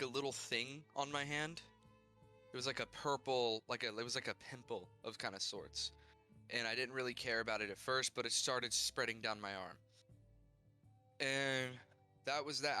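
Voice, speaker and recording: A man's voice: medium pitch, bright, forceful tone, smooth. A man recapping his character's adventure in a tabletop game, in a rambling, casual way full of "like" and restarts. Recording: faint music behind.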